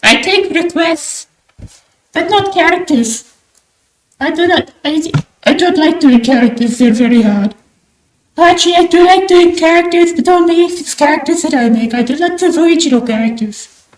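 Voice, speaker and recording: A young Australian streamer chats with her livestream while drawing, holding a high, theatrical bird-persona voice that sounds sore and strained from the effort. She speaks animatedly at a normal speed into a high-gain desk mic in a small home room, giving a roomy echo and a little hiss or hum.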